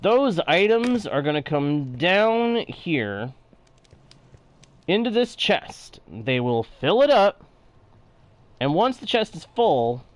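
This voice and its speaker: A man's voice: sits high, sing-song, slow pace, long pauses. A man with a Texan-sounding drawl, live-streaming a block-building game and chatting with viewers as he explains his build step by step. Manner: talks through building steps, reads chat aloud. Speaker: gaming streamer.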